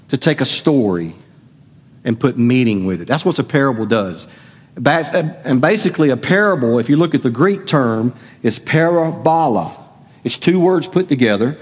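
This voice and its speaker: With long hall reverb around him, a middle-aged pastor preaches in a church sanctuary, asking the congregation questions in a conversational way. His voice is on the high side, sing-song and breathy-edged, at a normal speed.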